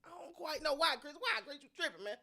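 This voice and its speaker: Fast and very high-voiced, a man runs his own sports channel and talks casually to the people watching. He's animated, slangy and repetitive, offering opinions loosely while addressing his audience head-on.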